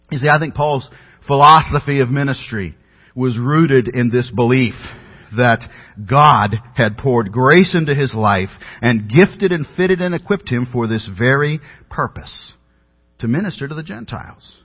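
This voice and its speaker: A pastor preaches a sermon, telling earnest, self-deprecating stories about himself. His mid-range voice is slightly rough, at a moderate pace. The audio is dull, with long hall reverb.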